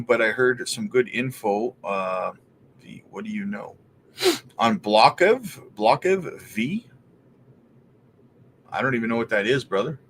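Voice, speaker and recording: Speaking in a lowish voice with slight background noise, a Canadian man runs a laid-back crypto livestream. He reads questions from viewers and talks his thinking through while looking things up.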